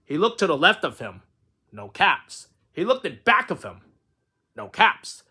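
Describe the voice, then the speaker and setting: A man's voice: a little high, sing-song, a little slow, bright, forceful tone, slightly rough. A man reading a children's picture book aloud in a sing-song, playful storytelling manner. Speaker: storybook reader.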